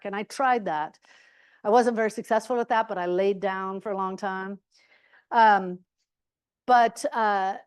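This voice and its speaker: A woman giving a reflective, expressive talk at a university forum, telling her stories with lively emphasis and occasional exclamations. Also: medium pitch. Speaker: guest speaker.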